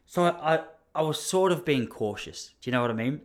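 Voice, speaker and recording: A young Australian man telling a story in a casual, mock-indignant monologue. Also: fairly quick. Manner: animated, mock-indignant, jumps up high when acting out others.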